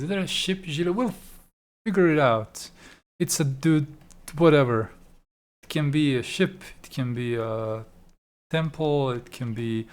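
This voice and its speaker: A man's voice: on the high side, a little mellow. A man hosting an art livestream, chatting casually and muttering to himself, easily annoyed. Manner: muttering, easily annoyed, talks to himself while fixing things.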